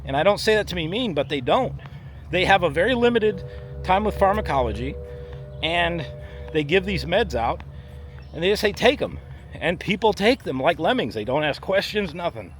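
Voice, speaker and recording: A man's voice: high voice, big pitch swings, moderate pace, soft background music. A man, a firefighter paramedic, talking bluntly and emphatically to camera on a walk-and-talk vlog outdoors. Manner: blunt, emphatic, acts out body parts in voices. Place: outdoors in a theme park area. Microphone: handheld camera while walking. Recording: faint street and traffic noise outside.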